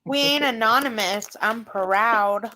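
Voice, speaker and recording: A woman hosting a casual live-stream chat, profane and excitable, laughing often. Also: fairly high pitch, takes it slowly, a little hiss or hum, low-quality recording. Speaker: live stream panel host.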